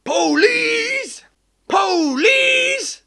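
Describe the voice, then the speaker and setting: A man voicing a blustering middle-aged male rooster lawman who bellows his lines in a shrill, strained voice. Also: big pitch swings, drawn-out words, gravelly, crowd noise, exaggerated voice. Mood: shouting. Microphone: cheap desk microphone.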